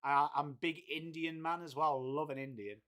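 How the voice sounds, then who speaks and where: Laddish man with a higher voice. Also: fairly even intonation, moderate pace, a bit bright, smooth. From England, Whitby. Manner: laddish banter, peppered with "mate", swears freely. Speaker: livestream host. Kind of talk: casual live watchalong chat, reading viewer messages.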